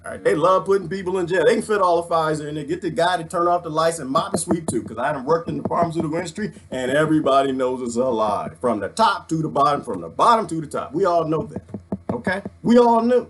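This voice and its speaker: A man rants on a livestream in a jokey, preachy way, swinging from loud to hushed. His voice sits a bit high and bounces all over. He sounds wired on coffee. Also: animated, fast talker, slight background noise. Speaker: vlogger reading live comments. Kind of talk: animated livestream rant.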